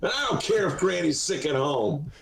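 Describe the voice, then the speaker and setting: A man hosting a casual political talk show, sarcastic and quick to laugh. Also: a little high, animated, gravelly, over a noisy crowd. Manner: sarcastic, laughs often, jumps into silly voices. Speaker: podcast host. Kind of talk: casual comedic political chat. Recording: echoey room.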